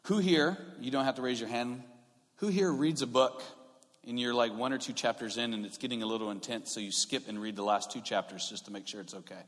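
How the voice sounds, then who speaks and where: A man's voice: mid-range voice, fairly even intonation, a little fast. A man preaching a sermon in a conversational way, growing emphatic and often restarting his sentences. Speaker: pastor. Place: church sanctuary. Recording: long hall reverb.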